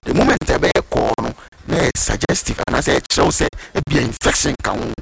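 A man's voice: mid-range voice, expressive, a little fast, creaky, poor audio. A man speaking as a medical expert on a health program, explaining symptoms step by step and mixing in English medical terms. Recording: loud background noise.

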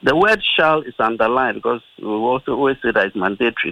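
A man with a Ghanaian accent, a lawyer on a radio talk show, explaining deliberately with hesitations and mixing Twi into English. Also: mid-range voice, lively intonation, sharp tone, dry recording, poor audio. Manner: deliberate, reads constitutional clauses, mixes Twi and English, many hesitations.

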